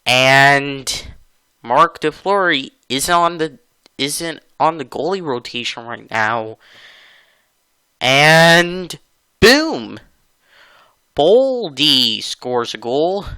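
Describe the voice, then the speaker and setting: A man's voice: medium pitch, takes it slowly, bright, forceful tone, clean tone, dry recording, poor audio. A man giving casual commentary over his own hockey video game clips, chatty, laughing often and getting exasperated. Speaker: gaming channel host.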